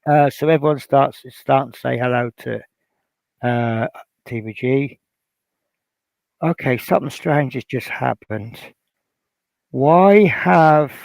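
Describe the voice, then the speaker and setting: A man's voice: medium pitch, creaky, dry recording. A man from Norfolk hosting a casual hobby livestream, rambling and reading out chat messages with lots of fillers. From Norfolk, England. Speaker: livestream host.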